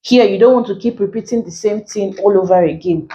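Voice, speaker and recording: A woman teacher giving an exam-prep lesson, explaining slowly, repeating key phrases and filling gaps with "like.". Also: mid-range voice, dark tone, muffled recording. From Nigeria.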